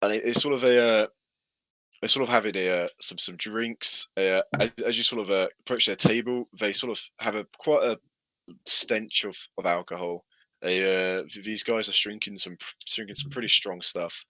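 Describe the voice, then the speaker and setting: A man's voice: on the low side, steady tone, moderate pace, pushed and bright, no room sound, low-quality recording. A man narrating as game master, hesitant with many fillers.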